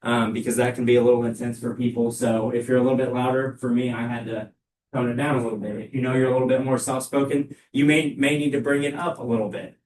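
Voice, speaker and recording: A young man giving a live sales training talk to a room of colleagues, with a loud, energetic, emphatic delivery. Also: medium pitch, fast talker, a little hiss or hum. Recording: echoey room, mic far off.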